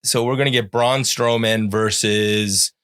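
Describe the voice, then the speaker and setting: A man's voice: fairly low pitch, steady tone, a little slow, a bit bright, clean tone. A middle-aged man from Canada hosting a casual podcast, rambling through show plugs and teasing his guest. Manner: rambling plugs, playful sound-effect buzzers. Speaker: podcast host.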